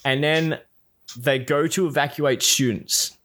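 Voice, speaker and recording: A man in casual chat, retelling a series with lively put-on quotes and frequent swearing. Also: fairly high pitch, unhurried. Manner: animated, acts out characters' lines, swears freely.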